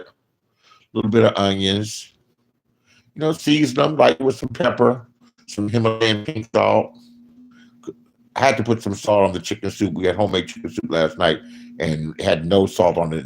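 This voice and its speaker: A man speaking in a profane, casual commentary rant, his voice jumping loud and high when he mocks people. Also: creaky. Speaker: online commentator.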